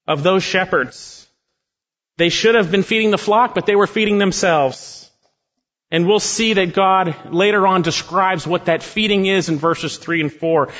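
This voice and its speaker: A man preaching an expository sermon, emphatic, repeating phrases for weight and slowing down on key words. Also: high-pitched, a bit bright. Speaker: pastor. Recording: muffled sound with long hall reverb.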